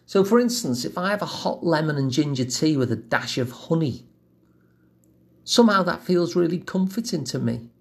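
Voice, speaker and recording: A man giving a calm self-help lesson in a gentle, measured, reassuring way. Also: a little high, creaky. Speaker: wellbeing teacher.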